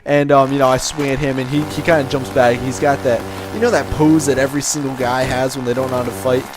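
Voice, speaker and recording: A young vlogger tells a casual, profane life story to camera in a fast, medium-pitched voice with little pitch movement. He swaggers as he talks, using plenty of fillers and restarts.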